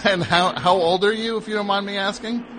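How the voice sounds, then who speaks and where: A man's voice: high-pitched, fairly even intonation, fairly quick, crowd noise. A man hosting a comedy radio show, questioning a caller in a dry, wry way. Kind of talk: casual comedy radio talk.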